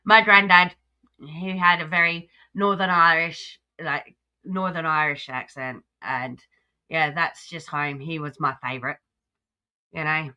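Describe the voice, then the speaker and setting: A woman's voice: low-pitched, fairly even intonation, a little slow, sharp tone, clear, resonant tone, highs cut off. An Australian woman hosting a livestream, chatting casually and talking back at the clip she reacts to. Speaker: livestream host.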